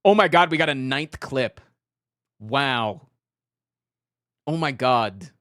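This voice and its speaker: A man's voice: medium pitch, lively intonation, slow pace, fairly bright tone, no echo, studio quality. A young man from Virginia chatting casually on a live stream, joking and swearing, slipping into mock-indignant rants.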